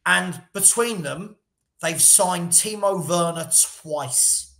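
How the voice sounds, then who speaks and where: High-voiced man in an echoey room. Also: slow pace, creaky, sharp tone. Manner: passionate, blunt, repeats himself when heated. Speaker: football podcast co-host. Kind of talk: casual football debate.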